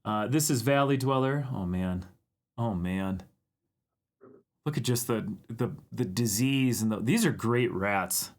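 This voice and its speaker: A man hosting a livestream, chatting casually and excitedly about viewer drawings, laughing often. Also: on the low side, measured pace. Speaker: livestream art show host.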